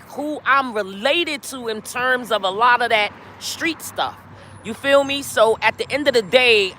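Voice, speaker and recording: Bright-voiced chatty New woman. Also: mid-range voice, slight background noise. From New York. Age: middle-aged. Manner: chatty, talks straight to viewers with lots of y'all. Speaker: live-stream host. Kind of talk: casual live-stream chat with viewers. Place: outdoors on a city street.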